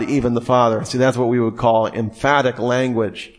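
A young man delivers a sermon in a relaxed, conversational way, voice at an ordinary middle pitch. He keeps turning to the listeners with questions and slips into the imagined inner voices of reluctant churchgoers. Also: moderate pace, hardly any pauses. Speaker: preacher.

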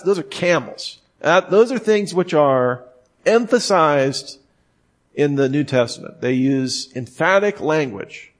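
A man giving an informal sermon, talking conversationally, leaning hard on key words, with frequent restarts. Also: a little high. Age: adult, former smoker. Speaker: preacher.

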